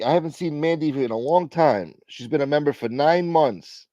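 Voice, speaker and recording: A man hosting a livestream as a mock preacher, loud, joking and animated, chatting casually to his viewers. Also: a little high, moderate pace, no echo, dull audio. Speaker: livestream host.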